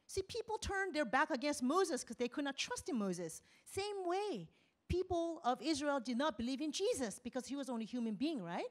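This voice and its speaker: A woman missionary preaching a lively sermon, asking the congregation questions, acting out voices and dropping to a whisper for emphasis. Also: high-pitched, moderate pace. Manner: animated, asks the congregation questions, acts out quotes.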